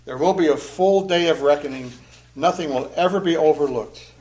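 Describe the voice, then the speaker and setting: A man delivers a sermon in a fairly high voice. His tone is earnest and emphatic, and he presses hard on the phrases he wants to land. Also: normal speed, a little mellow. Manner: earnest, emphatic preaching with rising intensity on key phrases. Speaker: pastor.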